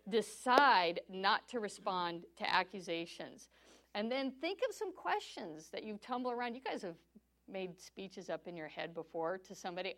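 A woman's voice: medium pitch, animated, normal speed. A woman teaching a church class on sharing faith, telling stories in a chatty way, laughing often and acting out conversations in quoted voices. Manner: chatty storytelling with frequent laughs; acts out dialogue in quoted voices.

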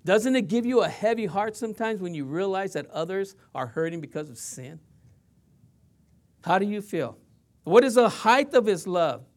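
A man preaching a sermon, impassioned and shifting between loud and hushed delivery. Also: high voice, expressive, normal speed. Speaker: pastor.

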